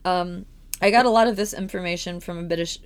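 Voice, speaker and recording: A woman's voice: lowish voice, fast, clear, resonant tone. A woman co-hosting a casual podcast chat, rambling and giggly with lots of fillers. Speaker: podcast co-host. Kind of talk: casual chat about horror films.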